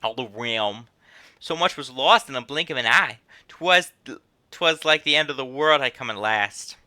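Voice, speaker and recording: A man's voice: medium pitch, lively intonation, fairly quick, bright, forceful tone. A man doing a drawling folksy innkeeper lady. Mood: folksy, storytelling. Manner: drawling, wandering between put-on accents. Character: folksy female innkeeper and guild manager, chatty.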